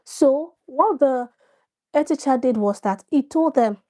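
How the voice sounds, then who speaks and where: A mellow, high-sitting female voice takes its time as she hosts a parenting-advice stream. She talks casually with viewers, welcoming them by name and backing up her points with examples.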